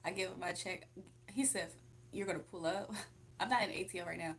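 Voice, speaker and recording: A woman's voice: lowish voice, moderate pace, creaky, fairly bright tone, a little hiss or hum. A young woman hosting a casual livestream from home, chatting, laughing often and reading comments aloud. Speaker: livestream host.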